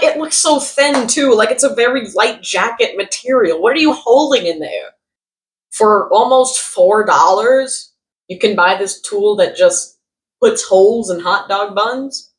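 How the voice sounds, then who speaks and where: A young woman vlogging comedic product reviews, sarcastic and animated, jumping from loud outbursts to muttered asides. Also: medium pitch, low-quality recording. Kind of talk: casual comedic commentary.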